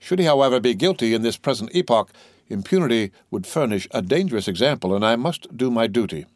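A man's voice: mid-range voice, expressive, quick pace, no room sound, lightly acted. A man voicing a cold, proud young magistrate who speaks in a stern, formal and disdainful way, in a dry, close recording.

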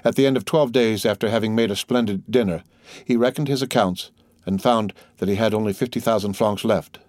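A man reading a novel aloud in a measured, even narration. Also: on the low side, no room sound, clean studio sound. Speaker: audiobook narrator. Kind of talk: scripted narration.

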